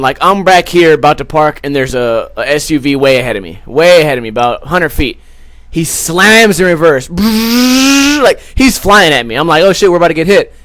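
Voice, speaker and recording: A man's voice: medium pitch, quick pace, fairly bright tone, dry recording. A young man hosting a podcast, telling a rambling, crude story full of swearing and acted-out quotes. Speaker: podcast host. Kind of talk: casual storytelling.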